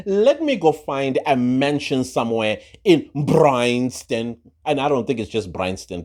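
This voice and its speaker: A man rants through a gossip commentary, full of sarcasm and rhetorical questions. His mid-pitched voice swings widely up and down as he talks. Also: a little mellow. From South Africa. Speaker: social commentary vlogger.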